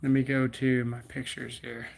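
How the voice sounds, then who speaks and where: A man's voice: medium pitch, monotone, normal speed, vocal fry. A man from Bermuda with a Bermudian accent mixed with Texas country, hosting a casual livestream and reading out viewer comments with loose, joking replies. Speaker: livestream host.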